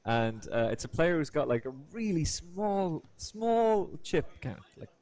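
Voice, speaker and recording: A man commentating live poker, a chatty storyteller with quick asides. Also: fairly high pitch, big pitch swings, a little mellow.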